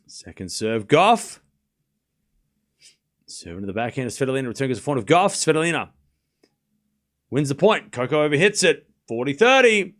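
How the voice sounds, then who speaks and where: A man streaming a live tennis watchalong, calling each rally in quick play-by-play and chatting with viewers between points. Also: mid-range voice, lively intonation, fairly bright tone. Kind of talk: live watchalong commentary and chat reading.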